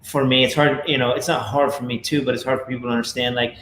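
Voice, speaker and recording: A man's voice: medium pitch, level tone, quick pace, a bit bright, reverberant, a little hiss or hum, rough recording. A man casually talking to viewers at home, rambling with many fillers and a preachy tone. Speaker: network marketing leader. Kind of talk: casual video talk to viewers.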